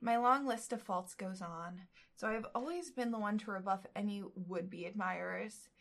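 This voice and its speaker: A woman's voice: medium pitch, moderate pace, a bit bright. Woman reading a novel aloud, joking asides.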